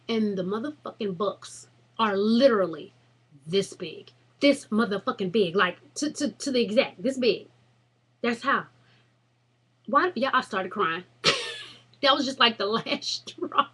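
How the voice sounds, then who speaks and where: Husky-voiced woman ranting through a funny story. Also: fairly high pitch, normal speed. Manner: animated, profane, dramatic storytelling. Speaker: vlogger. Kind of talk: casual storytelling vlog.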